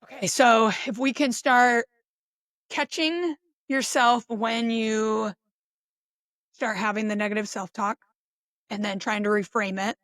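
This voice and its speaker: A woman's voice: a little high, steady tone, unhurried, long pauses, fairly bright tone, no echo. A woman thinking aloud in a loose, unscripted personal reflection, talking conversationally with many restarts and little laughs. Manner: musing, conversational, with frequent restarts and short laughs. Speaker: self-reflection podcaster.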